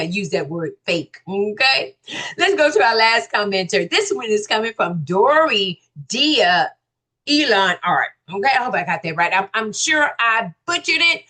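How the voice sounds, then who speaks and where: Lively woman hosting a commentary show. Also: mid-range voice. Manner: animated, folksy, exclaims "ooh" and teases commenters. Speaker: host reading viewer comments. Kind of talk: casual commentary on news comments.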